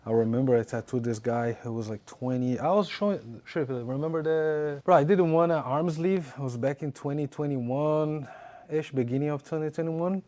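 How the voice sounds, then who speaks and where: A man hosting a relaxed interview, telling stories in a loose, chatty way, often saying "bro". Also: a little high, moderate pace. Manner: relaxed storytelling, peppered with "bro" and "like". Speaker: tattoo artist and podcast host. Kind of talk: casual interview chat.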